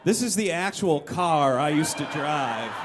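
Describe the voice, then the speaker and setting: A young man performing a live one-man comedy story on a club stage, animated, breaking into shouts and high-pitched voices for quoted people, with the audience laughing. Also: takes it slowly, crowd noise, background noise. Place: live music venue stage.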